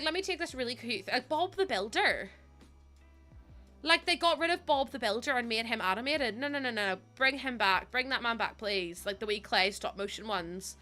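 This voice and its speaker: On the high side and pushed and bright, a young woman's voice fills this casual live-stream chat. She greets viewers in a chatty, giggly way while sounding sniffly and near tears.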